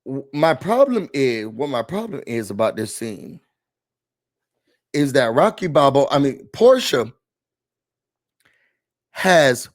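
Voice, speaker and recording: A man hosting a casual reality TV recap, talking in an animated, dramatic way with slangy asides. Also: mid-range voice, slow pace, long pauses.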